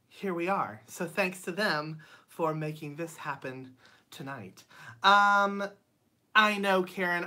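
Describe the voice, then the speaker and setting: A bubbly woman whose voice sits low chats casually as host of a livestream from her home studio. She reads viewer comments out loud, says um often, and breaks into bright laughs.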